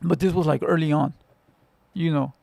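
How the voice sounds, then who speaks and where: Blunt, gravelly-voiced man from Southern California. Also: on the high side, steady tone, normal speed, a little mellow, no echo. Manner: blunt, profane storytelling with street slang. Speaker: livestream host. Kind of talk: casual livestream chat with viewers.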